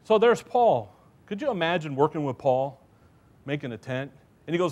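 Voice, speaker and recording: A man's voice: a little high, expressive, a little fast, darkish tone. A man preaching a church sermon in a folksy storytelling way, with asides to the listeners.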